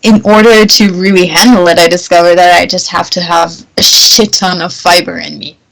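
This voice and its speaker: A woman's voice: lowish voice, level tone, normal speed, creaky, low-quality recording. A woman from Germany co-hosting a podcast, chatting casually with frequent laughs and repeated words. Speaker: podcast co-host. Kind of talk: casual chat.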